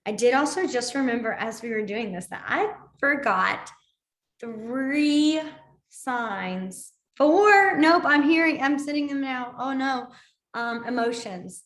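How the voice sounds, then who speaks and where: A chatty woman with a somewhat high voice leads a beginner sign language class. She wanders through asides and fills pauses with ums and likes. The sound carries a clear echo from the room. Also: a bit bright. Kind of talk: casual spoken class instruction. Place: library classroom. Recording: echoey room.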